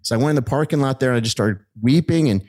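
A middle-aged man telling his life story as a guest in an animated, excited way, acting out the people he met. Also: medium pitch, racing.

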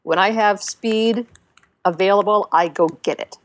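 A woman co-hosting a casual podcast, telling game stories with lots of fillers and restarts, and getting animated when she quotes other players. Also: medium pitch, a little slow, dry recording. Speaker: podcast co-host. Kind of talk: casual chat about a video game.

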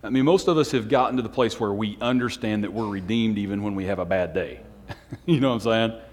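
A man's voice: fairly low pitch, fast talker, darkish tone. A man preaching a casual sermon to a small group, conversational, asking the room questions and chuckling. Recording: long hall reverb.

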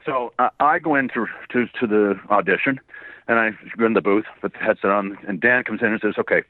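A man from Canada, slightly hoarse, telling rambling stories as a guest voice actor, laughing often and acting out quoted voices. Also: lowish voice, fairly quick, no room sound. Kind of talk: casual interview storytelling. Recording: tinny phone line.

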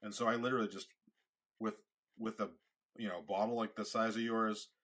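A man co-hosting a podcast in casual chat, halting and restarting often, with wry asides. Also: on the low side, steady tone, a bit bright, breathy edge. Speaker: podcast co-host.

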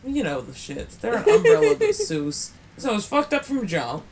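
A woman co-hosting a podcast in casual chat, animated and quick to laugh, swearing freely. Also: sits high, heavy background noise. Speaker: podcast co-host.

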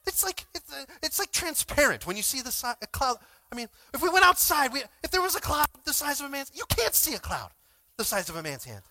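A male pastor preaching a sermon informally, swinging between shouted exhortations and quiet asides, often asking the congregation to respond. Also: extremely high pitch, very animated, brisk, no room sound. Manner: informal, frequent "like" and call-and-response.

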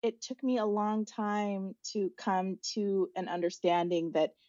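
A woman in her forties, a guest on the show, telling a personal story in a thoughtful, searching way, with frequent pauses and fillers. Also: medium pitch, fairly even intonation, a little mellow, no echo, dull audio.

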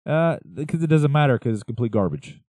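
A man's voice: mid-range voice, lively intonation, brisk, dark tone, dry recording. Blunt, swearing male podcast co-host. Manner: blunt, profane, ranting. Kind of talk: casual chat.

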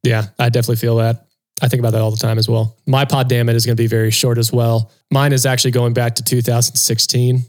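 A man, a co-host and touring drummer, telling a story in casual chat and acting out quotes in a raised voice. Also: fast. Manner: animated storyteller, acts out quotes in a higher voice.

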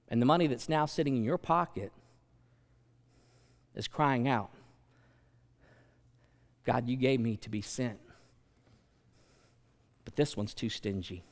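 A man preaching a sermon as pastor, building to loud emphatic peaks and acting out quoted voices. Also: mid-range voice, expressive, moderate pace, pauses often. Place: large church sanctuary. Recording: long church hall reverb.

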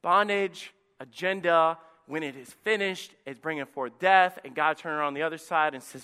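A male pastor preaching a passionate sermon, swinging from quiet to loud. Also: on the high side, moderate pace, hardly any pauses, clean tone. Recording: echoey church hall.

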